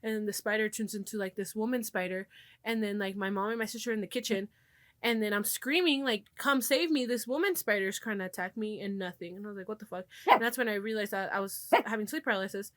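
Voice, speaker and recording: A woman's voice: medium pitch, fast, fairly bright tone, no room sound. A young woman hosting a podcast, telling stories in loose casual chat, swearing freely and slipping into Spanish. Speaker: podcast host.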